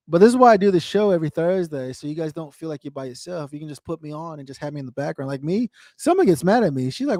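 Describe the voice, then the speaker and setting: A man's voice: on the high side, animated, fast talker, hardly any pauses, a little mellow, no room sound, studio quality. A man from the United States, in his thirties, hosting a veterans' radio show and talking candidly in a rambling, earnest way that repeats itself. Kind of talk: candid casual talk to a co-host.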